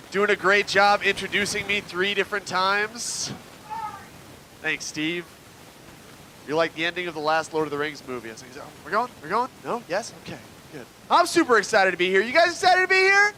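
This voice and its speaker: Stand-up dude riffing with the crowd, high voice, light room noise. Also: male voice, animated, normal speed, long pauses, sharp tone, low-quality recording. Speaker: stand-up comedian. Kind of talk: live stand-up comedy. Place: comedy club stage, live audience.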